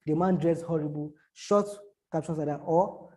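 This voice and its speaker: A man's voice: fairly high pitch, a little mellow. A man teaching how to write social media captions, repeating himself and breaking off into spoken examples. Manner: repetitive, halting, gives spoken examples. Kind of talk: explaining to a small audience.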